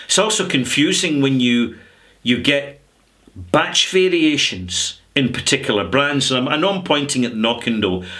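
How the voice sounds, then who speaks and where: A middle-aged Scottish man holds forth in a chatty, sarcastic vlog rant. He draws out his words for emphasis. His tone is bright and forward. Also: mid-range voice, animated, normal speed. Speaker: whisky vlogger. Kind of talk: casual rant to camera.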